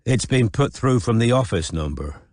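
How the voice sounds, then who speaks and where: A man voicing a calm, laconic male detective with a terse, steady delivery in an audiobook. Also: mid-range voice, normal speed, dry recording, clean studio sound, natural voice. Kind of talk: audiobook character voice.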